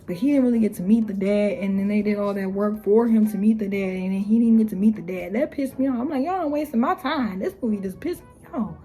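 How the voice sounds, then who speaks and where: A young woman ranting in a casual vlog, her voice mellow and soft-edged. She talks bluntly and with exasperation, full of slang, and jumps up into a higher voice to mock what others say. Faint music sits underneath. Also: quick pace, hardly any pauses. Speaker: YouTuber.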